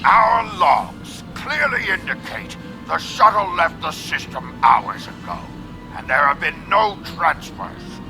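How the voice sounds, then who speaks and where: A man's voice: a little high, sing-song, slow, heavily acted. An actor playing a stern, formal male Klingon prison warden in a video game. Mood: defensive. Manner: formal, rigid, defensive. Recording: game audio under music.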